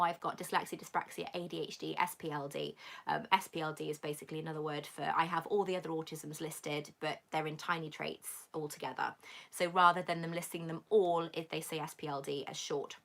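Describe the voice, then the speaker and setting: A woman from Britain hosting a casual live-stream Q&A, reading viewer comments aloud and gushing warmly back at them. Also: sits low. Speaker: YouTube host answering viewer comments.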